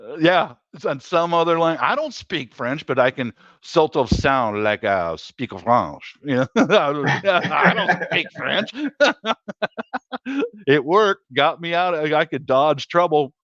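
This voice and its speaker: Middle-aged male storyteller, chatty and quick to laugh, dull lo-fi dry audio. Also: a little high, lively intonation, a bit bright, no echo. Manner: laughs often at his own stories. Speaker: guest telling stories. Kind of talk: casual storytelling chat.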